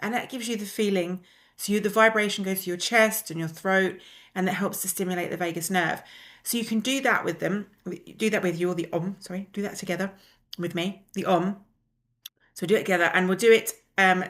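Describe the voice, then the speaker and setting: Calm woman guiding breathing exercises. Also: lowish voice. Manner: calm, gently instructive, slows down to guide exercises. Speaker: wellness teacher. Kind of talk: guided breathing lesson.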